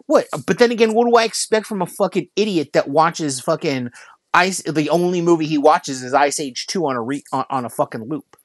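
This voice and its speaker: A man's voice: on the high side, fairly quick, no echo. A man co-hosting a podcast in casual chat, ranting and swearing, peppering his speech with "like". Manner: ranting, frequent swearing and filler "like". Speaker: podcast co-host.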